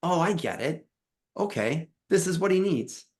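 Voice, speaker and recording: A man in his thirties sharing a personal story as a dad coach, emotional and halting, often restarting his words. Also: on the high side, animated, a little mellow. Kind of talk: personal storytelling in a podcast chat.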